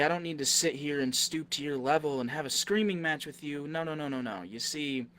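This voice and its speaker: Man, slightly high voice, delivers a steady, menacing wrestling promo. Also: a little hiss or hum. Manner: measured, deliberate threats turning to angry shouting. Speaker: wrestling roleplay competitor.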